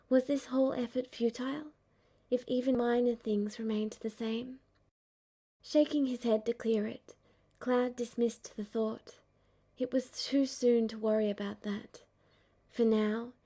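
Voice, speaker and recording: A woman narrating a fan-fiction audiobook in a measured, even storytelling manner. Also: fairly high pitch. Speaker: audiobook reader.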